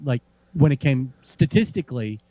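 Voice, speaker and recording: A man's voice: medium pitch, moderate pace, no room sound. A man co-hosting a casual sports podcast, telling rambling stories with lots of restarts. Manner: animated, rambling with restarts and laughs. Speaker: podcast co-host.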